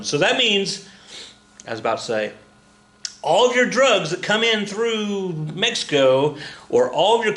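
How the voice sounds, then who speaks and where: A man giving a relaxed history lesson to his students, talking in a loose, chatty way with joking asides and plenty of "uh"s. His voice sits in a middle register. The room around him is echoey. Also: medium pitch. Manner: chatty, jokey asides, frequent fillers. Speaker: teacher. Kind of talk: casual recorded history lecture. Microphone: recorded at a computer for students.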